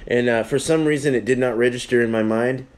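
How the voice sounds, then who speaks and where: A man's voice: mid-range voice, fairly quick. A man chatting casually on a live stream, reviewing beers in a rambling, easily sidetracked way.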